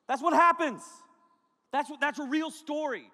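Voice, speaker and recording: Animated joking preacher man, bright voice. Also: extremely high pitch, slow pace, long pauses. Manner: animated, joking, bursts into shouts. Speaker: pastor. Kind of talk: sermon. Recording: long hall reverb.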